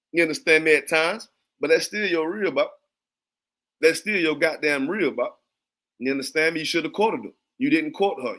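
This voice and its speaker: A man with a fairly high, bright, forceful voice teaches a religious class in a blunt, profane preaching style. He's repetitive and keeps asking "you understand me."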